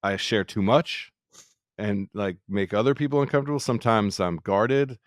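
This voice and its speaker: A man with a very deep voice thinks out loud and circles around his point with questions to himself. The sound is dry and close. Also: moderate pace, no echo. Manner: reflective, rambling, self-questioning. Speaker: chef. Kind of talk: candid podcast conversation.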